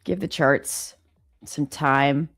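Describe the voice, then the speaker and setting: A woman's voice: low-pitched, steady tone, very slow, a bit bright, no echo, faint music behind. A woman hosting a live trading stream, chatting casually, reading viewer comments and laughing often. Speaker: livestream host.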